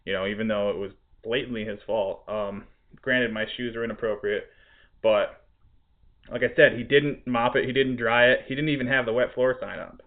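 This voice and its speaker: A man's voice: mid-range voice, fairly even intonation, moderate pace. Male podcast host, laughing, exasperated storyteller; narrow lo-fi sound. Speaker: restaurant cook. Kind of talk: casual storytelling chat. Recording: tinny phone-like audio.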